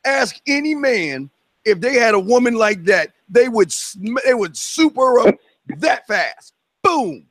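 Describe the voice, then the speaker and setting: High-pitched male host who lectures and preaches, recorded dry and close. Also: very animated, fairly bright tone, no room sound. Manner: preachy, lecturing, drawn-out emphatic words. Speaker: podcast host. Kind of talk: opinionated podcast lecture.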